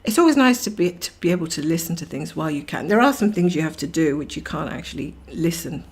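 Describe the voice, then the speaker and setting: A woman's voice: low voice, expressive, fast, a little mellow, slightly rough. A woman hosting a cross-stitch livestream, chatting casually and rambling while she greets viewers by name and laughs often.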